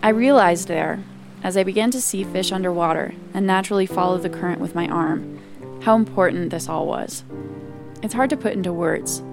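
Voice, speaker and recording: Calm woman narrating a documentary. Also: on the low side, moderate pace, gravelly, over music. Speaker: reporter and narrator.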